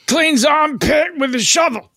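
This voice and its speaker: A man doing a loud, baffled dim customer. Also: extremely high pitch, vocal fry, no room sound, clean studio sound, heavily acted. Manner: shouty, laughing, slow and dense. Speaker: confused customer.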